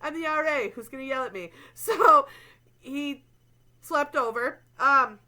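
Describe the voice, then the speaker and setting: A woman's voice: sits high, a little slow, pushed and bright. A young adult woman co-hosting a podcast, telling a story in casual chat with many fillers and frequent laughter. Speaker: podcast co-host.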